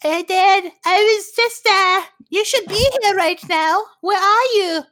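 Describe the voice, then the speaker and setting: A man doing a shrill jealous young woman. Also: slow pace, pushed and bright, full character voice. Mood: suspicious. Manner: shrill falsetto, whiny and accusing. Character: clingy, jealous, weepy young woman on phone. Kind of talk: comic improv role-play.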